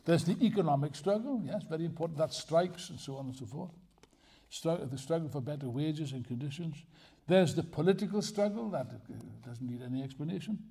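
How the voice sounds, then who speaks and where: A man's voice: a little high, lively intonation, brisk, gravelly, warm tone, husky. An older man giving a live lecture to an audience, emphatic and digressive, with wry asides and jokes. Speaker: speaker at a political festival.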